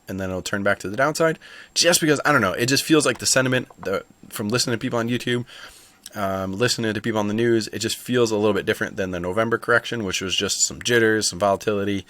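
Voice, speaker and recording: A man's voice: fairly low pitch, fast talker, a bit bright, no room sound. A man hosting a stock market video, chatting casually and thinking aloud with asides. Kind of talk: casual market commentary to camera.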